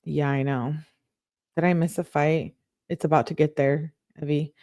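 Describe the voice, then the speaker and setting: A woman hosting an online show, reading text messages aloud and breaking in with quick reactions of her own. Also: sits low, fairly even intonation, mellow, no echo, studio quality. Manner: reads quotes then breaks in with quick reactions. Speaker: online true-crime show host.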